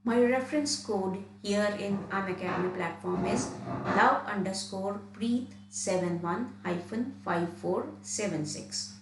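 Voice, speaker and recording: A woman's voice: medium pitch, unhurried, reverberant, noisy background. A woman from India, an IELTS trainer, giving an online lesson and often restarting and repeating phrases as she explains.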